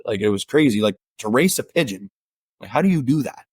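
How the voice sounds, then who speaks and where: A man's voice: medium pitch, animated, fairly quick, slightly rough, dry recording, clean studio sound. A man from Ontario, a musician guest on a podcast, telling a story in a rambling way with lots of fillers. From Ontario, Canada. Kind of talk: casual chat.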